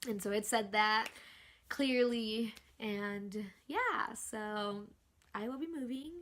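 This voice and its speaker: A woman's voice: medium pitch, a bit bright. Chatty young woman vlogger. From California. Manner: chatty, lots of "like" fillers. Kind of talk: casual storytelling to camera.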